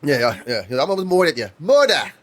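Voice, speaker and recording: A man in his thirties co-hosts a podcast, his voice a little high, very animated, quick and a bit bright. He tells rambling stories, restarting often and swearing freely.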